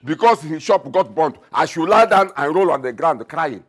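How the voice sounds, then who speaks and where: An actor playing a gruff, mocking middle-aged Nigerian father with a husky voice. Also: fairly high pitch, expressive, moderate pace. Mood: scornful. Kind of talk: Nollywood film acting.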